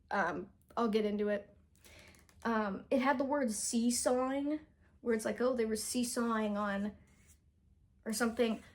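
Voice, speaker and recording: Young woman, slightly high voice, casual book-review chat with lots of ums and self-corrections. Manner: chatty, self-deprecating, frequent fillers and restarts; reads passages aloud, stumbling over words.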